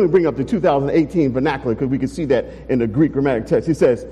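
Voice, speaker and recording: A man's voice: medium pitch, fast, hardly any pauses, warm tone, in a large hall, rough recording. A man preaching a sermon as pastor, emphatic and full of rhetorical questions, in a church sanctuary. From Texas.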